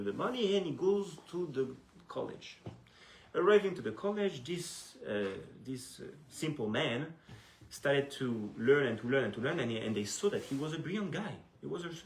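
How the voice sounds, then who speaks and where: Rabbi guy telling a story in a sermon, lively, keeps restarting, echoey room, faint hiss. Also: a little high. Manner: animated storyteller, frequent restarts.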